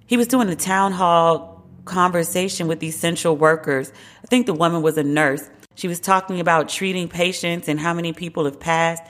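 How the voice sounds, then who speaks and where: A podcast host giving casual, wry solo commentary, chatty and animated in retelling. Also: medium pitch.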